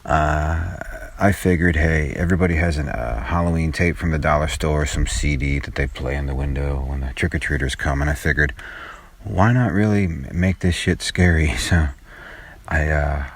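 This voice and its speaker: A man's voice: very deep voice, normal speed, breathy edge, dry recording. A man, a musician guest, chatting casually in a car in a rambling, profane way. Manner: rambling, profane, laughs at himself. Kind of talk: casual chat.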